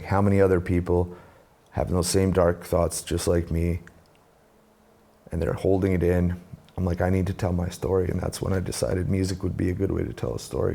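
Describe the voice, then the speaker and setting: Gravelly, dark-voiced man telling his story. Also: sits low. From Canada. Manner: animated storyteller, acts out quoted voices. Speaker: guest, musician and speaker. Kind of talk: conversational storytelling.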